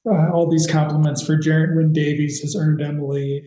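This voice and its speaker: A man's voice: a little high, level tone, normal speed, warm tone, roomy sound, rough recording. A man co-hosting a podcast, recapping a TV episode in rambling casual chat with sarcastic asides. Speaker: podcast co-host.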